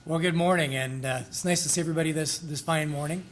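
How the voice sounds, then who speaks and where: A man's voice: on the high side, steady tone, fast talker, slight background noise. A middle-aged man, a school administrator, giving a folksy, rambling ceremony introduction with self-deprecating asides.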